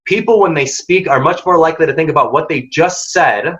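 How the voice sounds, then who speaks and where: A man's voice: a little high, a little fast, fairly bright tone. Emphatic man giving career tips. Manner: direct, emphatic, acts out quoted dialogue. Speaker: workshop presenter. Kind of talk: career advice lecture. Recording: dull lo-fi audio.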